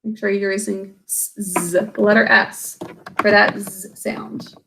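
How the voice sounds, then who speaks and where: A woman's voice: mid-range voice, level tone, a little slow, vocal fry, noisy background. A woman teacher giving a recorded spelling lesson, patiently sounding out words letter by letter and syllable by syllable.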